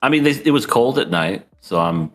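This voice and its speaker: A man co-hosting a podcast in casual chat, animated and laughing often as he acts out scenes. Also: medium pitch, brisk, soft background music. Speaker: podcast co-host.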